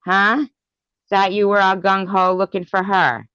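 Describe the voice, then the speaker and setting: Slow-talking, profane woman ranting. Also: fairly low pitch, a bit bright, clear, resonant tone, dry recording, highs cut off. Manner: profane and confrontational, taunting; repeats words for emphasis. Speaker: vlogger. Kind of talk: angry rant to the camera.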